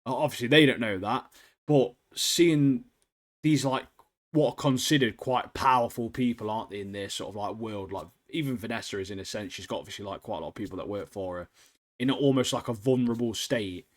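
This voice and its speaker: A young man co-hosting a podcast, talking fast and casually with lots of laughter and slang. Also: mid-range voice. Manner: animated, laughing often, slangy and swearing. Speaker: podcast co-host. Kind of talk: casual chat reviewing TV shows.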